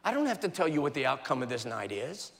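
A man's voice: medium pitch, sing-song, fast, fairly bright tone. A man voicing God in a sermon story, speaking in a solemn, firm tone. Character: God speaking, stern, calm, unanswerable male voice. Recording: long reverb of a large hall.

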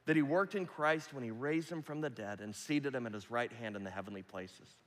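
A man preaching a sermon, with loud rising appeals that drop to hushed, almost whispered lines. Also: medium pitch, brisk. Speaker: pastor. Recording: long reverb of a large hall.

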